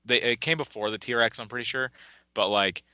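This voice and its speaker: Bright, hesitant man in dry sound. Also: medium pitch, brisk, clear, resonant tone, no echo. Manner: hesitant, laughs often. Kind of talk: casual chat.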